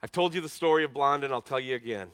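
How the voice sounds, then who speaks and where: A man preaching a sermon, telling stories dramatically and swinging from loud emphasis to hushed tones. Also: mid-range voice, quick pace, clear, resonant tone, dry recording. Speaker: pastor.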